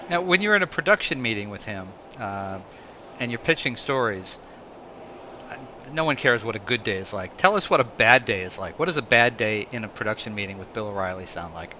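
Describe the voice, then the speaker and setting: Bright-voiced male interview host. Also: on the low side, animated, slight background noise. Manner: talkative, halting restarts. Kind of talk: interview questions.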